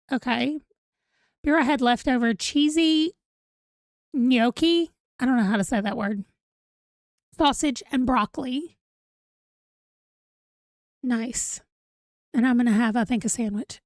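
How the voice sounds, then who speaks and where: A woman's voice: sits high, dry recording, studio quality. A woman, chatting casually on a livestream, rambling and reading out viewer comments while a bit tired and yawning. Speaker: livestream host.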